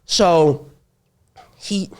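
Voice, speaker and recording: Higher-voiced man telling crude stories. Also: very slow, a little mellow, clean tone. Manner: brash, crude storytelling with acted-out quotes. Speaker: comedian guest. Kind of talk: casual podcast chat.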